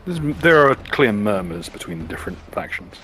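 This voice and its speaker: A man's voice: lowish voice, big pitch swings, brisk, bright, forceful tone. A man running a tabletop game as game master, narrating in a dry, understated way.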